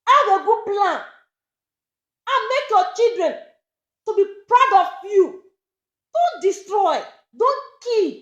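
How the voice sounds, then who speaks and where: A woman's voice: very high-pitched, animated, takes it slowly, long pauses, a bit bright, reverberant, dull audio. A Nigerian woman, a social media presenter talking to camera, pleading and scolding again and again.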